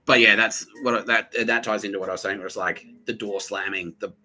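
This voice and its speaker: A man's voice: on the low side, fairly even intonation, a little fast, pushed and bright, rough recording. An Australian man hosting a podcast, telling a rambling, crude story full of swearing and muttered asides. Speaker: podcast host. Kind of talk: rambling profane monologue.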